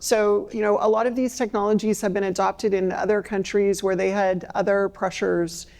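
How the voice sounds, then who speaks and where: A woman's voice: mid-range voice, level tone, moderate pace, creaky, a little mellow. A woman answering on a conference panel, hesitant, with many fillers and restarts. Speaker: panelist, consultant.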